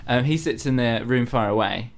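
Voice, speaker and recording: A young man from England, a podcast host, tells chatty stories at an easy pace. His voice sits in a middle register, and he gets animated whenever he quotes other people. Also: mid-range voice, moderate pace, slight background noise. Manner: chatty storytelling, animated when quoting people. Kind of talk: casual chat.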